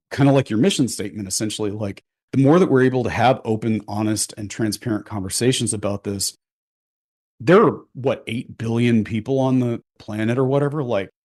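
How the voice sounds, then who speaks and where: A man, a podcast guest telling candid personal stories in a blunt, profane, animated way, often checking in with "right?". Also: mid-range voice. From Houston, Texas. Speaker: podcast guest, photographer and realtor. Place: podcast studio.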